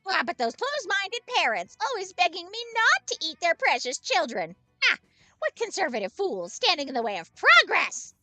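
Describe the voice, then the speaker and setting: A cackling old witch, speaking in grandiose, archaic phrases with a high, swooping voice. She booms every line as if addressing a crowd, in a dry, close recording. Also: huge pitch swings, moderate pace, sharp tone, no room sound, faint music behind, heavily acted. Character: cackling old female child-eating witch.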